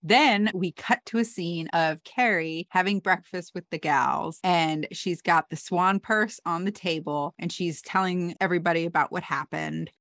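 A woman's voice: on the low side, no room sound. A young woman co-hosting a podcast, casually retelling a TV episode and quoting the characters as she goes. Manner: animated retelling, quoting characters in quick asides. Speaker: podcast co-host recapping a TV episode. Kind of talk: casual recap chat.

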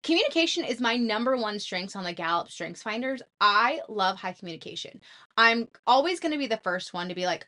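A woman's voice: fairly high pitch, fairly quick. A young adult woman hosting a podcast, giving casual advice in a chatty way and acting out little quotes. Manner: chatty, animated, full of "like" and acted-out quotes. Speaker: podcast host.

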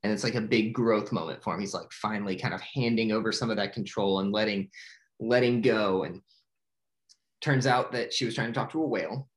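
A young man casually retelling a movie plot in a rambling way, full of "like" and excited acted-out quotes. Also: on the low side, a little fast. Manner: rambling, filler-heavy with frequent "like". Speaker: movie recapper. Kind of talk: casual spoken movie recap.

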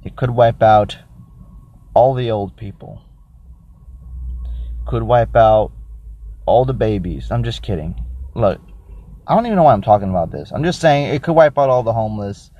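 A man hosting a casual solo podcast who rambles, thinks out loud and makes crude, self-mocking jokes while reviewing a drink. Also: on the low side, animated, normal speed, long pauses, lo-fi sound. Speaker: podcast host.

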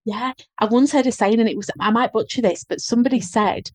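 A woman's voice: fairly high pitch, fairly quick, hardly any pauses. A woman with a Yorkshire accent speaks as a podcast guest. Her tone is earnest and encouraging, and she picks up speed when she quotes other people. The recording is close and dry, with no room echo. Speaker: guest, business coach. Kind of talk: casual podcast chat.

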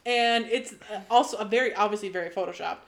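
A woman co-hosting a casual chat, animated and exasperated, often laughing. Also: medium pitch, quick pace, gravelly. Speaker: podcast co-host.

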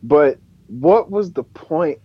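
A man co-hosting a casual wrestling podcast in a relaxed way, steering the talk from one topic to the next. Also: a little high, takes it slowly, husky, no echo. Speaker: podcast co-host. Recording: dull, muffled dry mic.

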